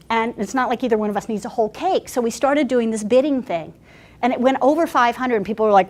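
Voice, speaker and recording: Animated, chatty woman pastor. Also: fairly high pitch, fairly quick. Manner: animated, chatty, laughing, full of restarts. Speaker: pastor giving a workshop. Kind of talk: storytelling workshop talk.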